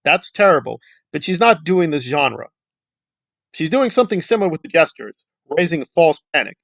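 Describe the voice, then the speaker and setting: A man rants to camera in a scornful, insulting tone and hammers the same points again and again. His pitch swings widely as he mocks and scolds. The sound is dry and close, with no room around it. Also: very animated, moderate pace, vocal fry, a bit bright, no room sound. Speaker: YouTube commentator. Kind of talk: angry commentary rant.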